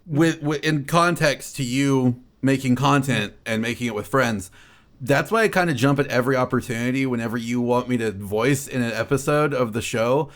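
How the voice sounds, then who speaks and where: A man's voice: mid-range voice, normal speed. A young man chatting casually as a podcast co-host, rambling with lots of fillers and frequent laughter. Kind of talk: casual chat.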